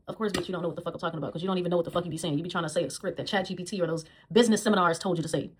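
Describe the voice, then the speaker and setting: A woman's voice: lowish voice, racing, hardly any pauses, slightly rough. A woman, a dog groomer, telling a blunt, profane storytime vlog about her old job.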